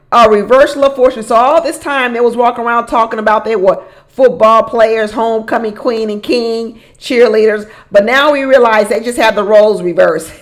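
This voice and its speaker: A woman with a fairly high voice recaps a reality show in a loose, casual way. She says her favourite lines twice for emphasis and breaks into laughter often. She talks straight to the people on the show as if they could hear her. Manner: animated, repeats phrases for emphasis, laughs often. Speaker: reality show commentator and relationship coach.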